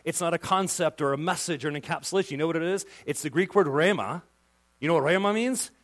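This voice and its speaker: A male pastor preaching a sermon with passion, dropping to a hush and then rising to loud emphasis. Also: a little high, quick pace. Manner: impassioned, swings from hushed to loud emphasis.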